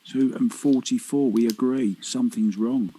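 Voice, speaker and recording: A man's voice: mid-range voice, fairly even intonation, moderate pace, warm tone, rough recording. A man commentating on a pool match, chatty and teasing, laughing easily with his co-host. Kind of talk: live sports commentary.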